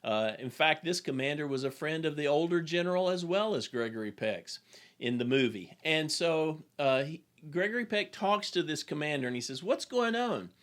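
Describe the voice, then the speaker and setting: A man's voice: on the high side, lively intonation, moderate pace, fairly bright tone. A man who is an executive coach, giving a recorded business lesson in an earnest, plain and direct storytelling manner.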